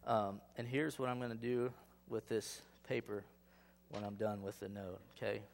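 A man's voice: on the low side, flat delivery, moderate pace, creaky. A man giving a casual Bible lesson to a group, joking and quizzing his listeners as he reads scripture aloud. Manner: joking, conversational, quizzes the audience. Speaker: Bible teacher. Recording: long hall reverb.

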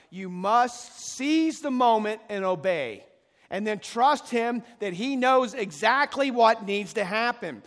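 Male pastor, high voice, impassioned sermon delivery, church hall with a long reverb tail. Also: gravelly, a bit bright. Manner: impassioned preaching, rising to emphatic peaks; leads the congregation in call and response. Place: church sanctuary.

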